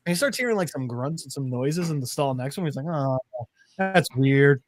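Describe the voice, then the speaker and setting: A man's voice: on the high side, fast. A man co-hosting a podcast segment, retelling a comic in casual chat and acting out the characters' voices as he goes. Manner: animated storyteller, acts out voices.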